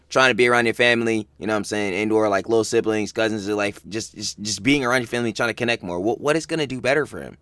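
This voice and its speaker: A man riffs through casual reaction commentary, slangy and exasperated, breaking into laughs. His voice sounds bright and forward. The recording is dry and close. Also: mid-range voice, no echo. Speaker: reaction channel co-host.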